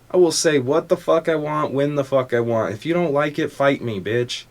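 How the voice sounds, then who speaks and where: A man's voice: mid-range voice, animated, moderate pace, few pauses. A young adult man hosting a motivational podcast in a casual, profane, confrontational rant. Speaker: podcast host.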